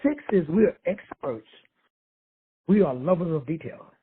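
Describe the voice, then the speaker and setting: Over phone-line call audio, a middle-aged motivational teacher gives a blunt, profane, streetwise talk. His voice is on the high side, animated and slightly rough, at a measured pace, and his preaching is brash.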